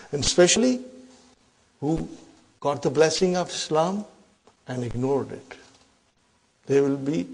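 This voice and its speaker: A man lectures on Arabic grammar to a class, with a voice sitting a little high for a man. He talks with emphasis, keeps tossing "huh?" at the room to check everyone is following, and rattles off quick recitations between his explanations. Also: gravelly, a little mellow, slightly rough. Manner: recites Quranic verses fast in Arabic. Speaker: Arabic teacher.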